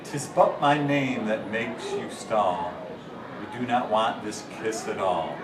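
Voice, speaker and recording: A man voicing a lovesick male pig who recites slow, solemn rhyming verse. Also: on the low side, pitched below the performer's own voice. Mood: pleading. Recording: roomy, distant mic with loud noise.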